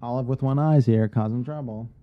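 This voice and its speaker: A man co-hosting a podcast in casual chat, getting animated and swearing freely as he rants. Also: mid-range voice, brisk, highs cut off. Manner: animated, profane ranting. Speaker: podcast co-host.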